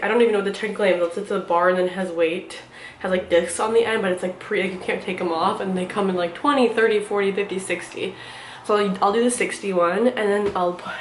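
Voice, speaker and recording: A woman's voice: mid-range voice, a little hiss or hum. Rambling young woman in an echoey room. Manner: rambling, halting, filler-heavy. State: out of breath. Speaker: vlogger. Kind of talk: casual chat.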